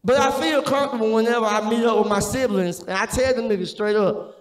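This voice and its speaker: A man's voice: extremely high pitch, fast. A man doing a stand-up set on a small club stage, profane and often laughing at his own jokes. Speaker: stand-up comedian. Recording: echoey room, long reverb.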